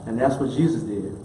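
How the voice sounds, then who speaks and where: Speaking in a dark-toned, mid-range voice, a man delivers a sermon as minister, emphatic and colloquial in a casual way, hammering home key phrases by repeating them. Faint background noise sits in an echoey room.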